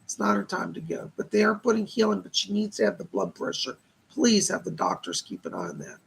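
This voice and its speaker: Upbeat guy doing live psychic readings, super gravelly voice, kinda husky. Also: high voice, huge pitch swings, a little fast. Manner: chatty, upbeat, reads comments aloud.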